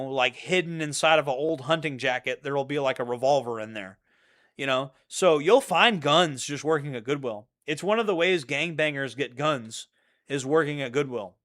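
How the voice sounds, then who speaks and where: A man with a bright, forceful voice talks in a casual, meandering monologue. His pitch sits a little above average, and he keeps repeating phrases as he goes. He swears freely and loops back on his points. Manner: rambling, profane, repeats himself. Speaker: channel host.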